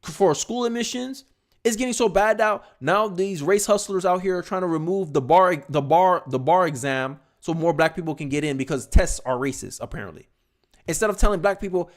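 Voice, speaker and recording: A young man delivers casual, animated political commentary on his own livestream, his voice sitting high. He throws in quick asides and repeats words once he gets going.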